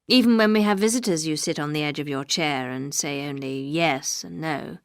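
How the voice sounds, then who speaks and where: A woman voicing a gruff, brooding older aristocratic husband, speaking low, curt and measured. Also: no echo, clean studio sound. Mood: weary.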